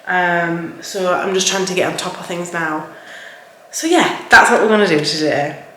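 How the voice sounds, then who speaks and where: A woman's voice: lowish voice, normal speed, a bit bright. A young woman with a broad Yorkshire accent talks in a loose, rambling way, full of fillers. Her voice bounces around a hard, echoey kitchen. A faint hiss sits behind it. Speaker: cleaning vlogger. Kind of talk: casual vlog chat. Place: home kitchen. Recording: echoey room with faint background noise.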